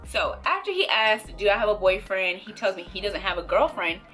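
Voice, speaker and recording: A young woman vlogger telling a storytime to camera in a casual, animated way, acting out the voices of the people in it. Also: mid-range voice, brisk, faint music behind. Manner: animated, acts out quoted voices, laughs between lines. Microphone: camera mic.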